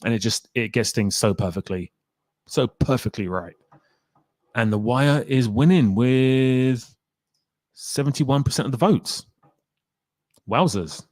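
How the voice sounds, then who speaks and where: A man's voice: mid-range voice, lively intonation, slow, long pauses, darkish tone, no echo. A man hosting a casual livestream, chatting and reading viewer comments aloud in a rambling way. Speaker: livestream host.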